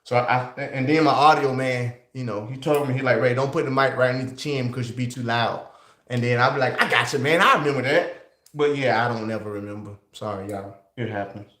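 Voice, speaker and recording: A male livestream host who talks straight to his chat in an excitable, casual way. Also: mid-range voice, fairly quick, reverberant.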